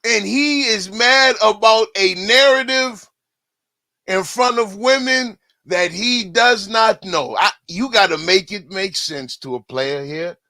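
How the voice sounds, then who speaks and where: A man's voice: high-pitched, slow pace, bright, forceful tone, no echo. A man giving profane, rambling live-stream commentary, often breaking off to say "listen". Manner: profane, repetitive, keeps saying "listen".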